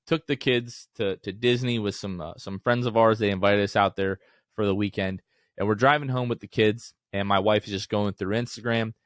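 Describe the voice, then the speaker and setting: A man in his thirties co-hosting a casual sports podcast, telling stories in an excited, animated way. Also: lowish voice, no room sound, studio quality. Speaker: podcast co-host.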